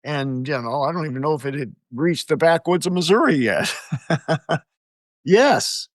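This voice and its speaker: Older American man, animated storyteller, lively pitch, dry close sound. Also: unhurried, no room sound. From United States. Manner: animated storyteller, chuckles often. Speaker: guest, exorcist. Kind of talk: storytelling interview answers.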